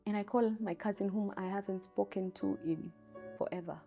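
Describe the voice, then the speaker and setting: A woman's voice: medium pitch, steady tone, normal speed, music in the background. A young Kenyan mother telling a raw, candid personal story about a hard day.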